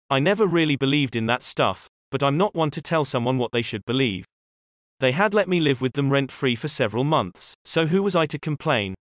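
A man reading posted first-person stories aloud as a narrator, in a steady, even storytelling manner. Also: mid-range voice, no echo, studio quality. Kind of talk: scripted narration.

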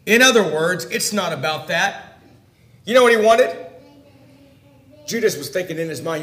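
Man preaching a sermon, high voice, asks the crowd straight questions, gets loud then drops real quiet, echoey church room. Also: very animated, moderate pace, long pauses, soft background music. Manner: direct questions to listeners, swings between loud emphasis and hushed tones.

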